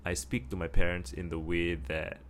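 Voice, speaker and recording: A man's voice: low-pitched, level tone, moderate pace, a little hiss or hum. A man from Singapore with a Singaporean English accent, talking casually to camera and thinking aloud with many restarts. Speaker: vlogger.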